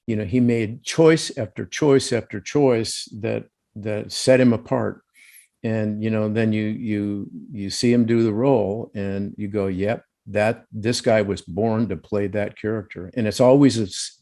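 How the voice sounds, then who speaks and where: A man's voice: medium pitch, darkish tone. A male actor talking casually in an interview over a video call, thoughtful and chatty with frequent "you know" fillers. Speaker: actor guest.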